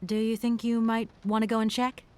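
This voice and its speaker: An actress playing a composed young female lawyer in a game, speaking in a polite, measured, professional way. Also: fairly high pitch, level tone, dark tone, clean tone, close to an everyday voice. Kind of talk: game voice acting.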